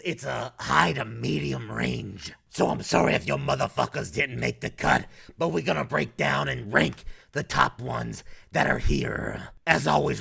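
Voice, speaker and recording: Gravelly Southern man, crude and blunt. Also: mid-range voice, sharp tone. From North Carolina, US. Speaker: YouTuber. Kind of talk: casual ranking commentary.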